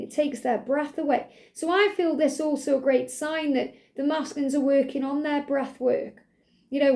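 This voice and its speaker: A woman giving a channeled tarot love reading, gentle and reassuring, repeating herself with many "you know" fillers. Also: sits high, gravelly. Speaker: tarot card reader.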